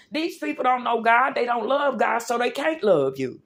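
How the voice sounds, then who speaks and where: A woman with a slightly high voice delivers a fervent religious rant straight to her livestream viewers. She preaches with emphasis, calling her audience y'all and baby. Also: sing-song, normal speed, creaky, hardly any pauses.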